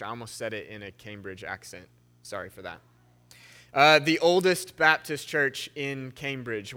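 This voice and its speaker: A young pastor with a medium-pitched, pushed and bright voice preaches in a church sanctuary. His sermon reads scripture with shifting emphasis, then moves into a conversationally told story.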